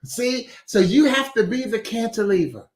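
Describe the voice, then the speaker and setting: With an extremely high pitch and animated delivery at a moderate pace, a man presents a weekly inspirational message. The casual motivational talk is full of chatter, laughter at his own wordplay, and viewer comments he reads out.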